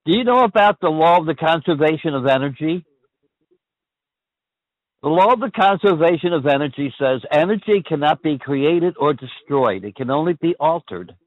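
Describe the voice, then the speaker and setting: An older man hosts a call-in chat, pondering big questions aloud and tripping over his own restarts. His voice sits a little high and swings widely. It comes through dry and narrow, like a phone line. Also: animated, normal speed, dry recording. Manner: ponderous, repeats and restarts phrases. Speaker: call-in show host.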